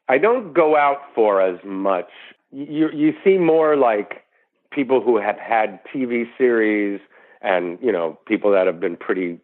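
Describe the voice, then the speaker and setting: A middle-aged actor talking as an interview guest, rambling through anecdotes with lots of "you know" restarts. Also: male voice, medium pitch. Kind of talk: casual interview storytelling. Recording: tinny phone line.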